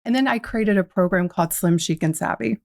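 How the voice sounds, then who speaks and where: Speaking a little fast, a Southern woman from the American South with a medium-pitched, gravelly voice tells her story as a podcast interview guest. She's reflective and voices her inner dialogue as quotes, in a studio-quality recording with no room sound.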